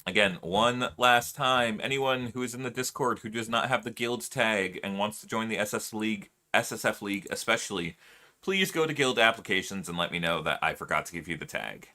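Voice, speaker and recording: Guy streamer chatting w his chat, bright voice, kinda low, laughs a lot. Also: fairly quick. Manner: chatty, laughs often, trails off into musing. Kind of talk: casual chat with stream viewers.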